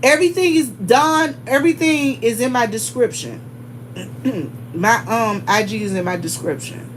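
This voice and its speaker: A woman's voice: a little high, normal speed, a little hiss or hum. A woman hosting a casual livestream, chatting straight to her viewers and greeting them by name as they come in. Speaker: livestream host.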